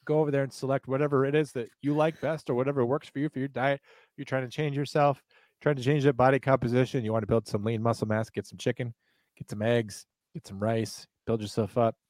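This man talks fast in a mid-range, darkish voice with a flat delivery, recorded with no room sound. He co-hosts a podcast and jokes his way through ad reads, laying the salesman energy on thick.

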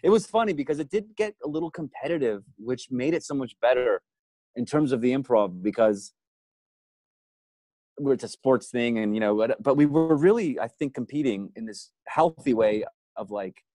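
A man guest on a podcast, telling a story in a self-deprecating way, swearing freely and getting animated as he goes. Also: mid-range voice, normal speed, no echo, low-quality recording. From Canada. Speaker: guest actor.

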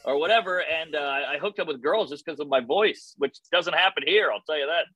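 American man, 30s, comedian guest, slightly high and bright, easygoing anecdotes, dry sound. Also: brisk, few pauses, no room sound, rough recording. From United States. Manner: laid-back anecdotal storytelling. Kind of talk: casual chat.

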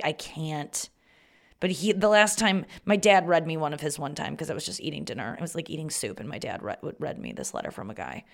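A woman hosting a podcast in a rambling, casual monologue, swearing freely and joking at her own expense. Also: low-pitched. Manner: chatty, rambling, profane and self-mocking. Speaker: podcast host.

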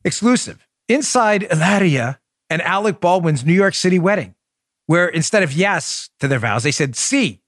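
A man's voice: high-pitched, lively intonation, normal speed, a bit bright. A man hosting a political commentary podcast, sarcastic and incredulous, firing off rhetorical questions. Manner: sarcastic, mocking asides. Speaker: podcast host.

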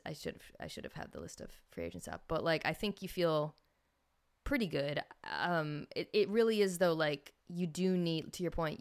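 A woman with a low, gravelly voice hosts a sports podcast. She talks casually, thinks out loud and circles back with fillers and restarts. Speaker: podcast host.

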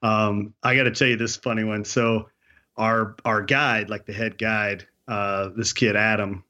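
Bright-voiced man telling a story. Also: on the low side, a little slow. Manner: animated storyteller, slangy. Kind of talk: casual chat.

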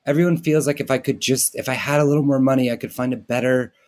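A man's voice: medium pitch, fairly even intonation, quick pace, darkish tone. A man, a comedian guest on a podcast, talking in a casual, wry, self-mocking way and slipping into silly character voices.

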